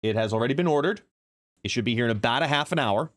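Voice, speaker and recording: A man's voice: mid-range voice, expressive, quick pace, fairly bright tone, no room sound. A man streaming a card game live, explaining plays and chatting as he greets viewers by name. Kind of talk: live gameplay commentary and chat. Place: home, seated.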